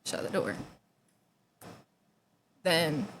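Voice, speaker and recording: A woman's voice: sits low, animated, extremely slow, slight background noise, rough recording. A young woman giving a personal testimony, casual and full of "like", sometimes dropping to near-whispers. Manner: conversational, heavy use of "like", drops to near-whispers at painful moments.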